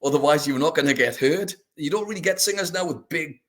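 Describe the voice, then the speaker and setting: Enthusiastic man, slightly high. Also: fast talker, a bit bright. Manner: enthusiastic, anecdotal, laughs often. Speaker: podcast host. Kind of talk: casual chat.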